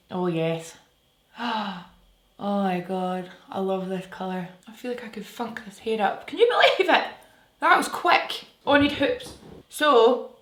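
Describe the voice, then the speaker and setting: A Scottish woman with a medium-pitched, fairly bright voice chats casually and gushes while doing her makeup for an at-home beauty tutorial. The recording is roomy, with faint music in the background.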